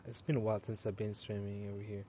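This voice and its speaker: A man's voice: fairly low pitch, little pitch movement, fast talker, dark tone, breathy edge. A tired young man chatting loosely with viewers on a late-night live stream, laughing often and talking into a phone he holds while outdoors.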